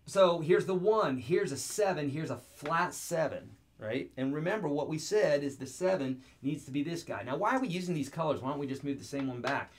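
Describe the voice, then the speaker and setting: A man's voice: on the high side, animated, fairly quick, few pauses, a little hiss or hum. A man teaching guitar chords in an online video lesson, upbeat and joking as he talks straight to the viewer.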